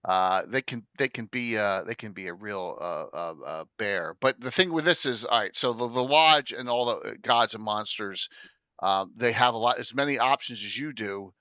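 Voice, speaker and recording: A man's voice: fairly low pitch, moderate pace, bright, forceful tone, clean tone, no room sound, muffled recording. A middle-aged man hosting a casual tabletop gaming chat, rambling with many fillers and restarts. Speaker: podcast host.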